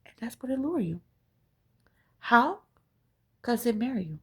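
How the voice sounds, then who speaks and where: A woman with a gravelly, husky voice pitched a little above the usual, delivering a profane rant to camera. She hammers her points with repetition and a constant "right?". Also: animated, normal speed, pauses often, a bit bright. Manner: profane, emphatic, repeats phrases and asks "right?". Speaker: spiritual vlogger. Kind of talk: ranting monologue to camera.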